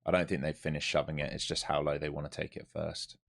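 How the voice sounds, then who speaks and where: A man's voice: a bass voice, monotone, fast talker, gravelly. A man giving live commentary to viewers as he trades, blunt and profane as he thinks aloud over the charts. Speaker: live-streaming day trader.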